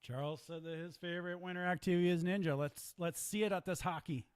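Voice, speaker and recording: A man's voice: high voice, steady tone, quick pace, clean tone. A man giving live play-by-play commentary at a ninja competition, chatty and joking with his co-host.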